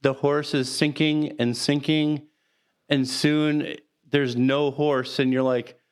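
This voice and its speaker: A man co-hosting a podcast, talking casually about a film in a rambling, halting way and laughing now and then. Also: fairly high pitch, flat delivery, clear, resonant tone. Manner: rambling, halting, laughs through sad moments. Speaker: podcast co-host.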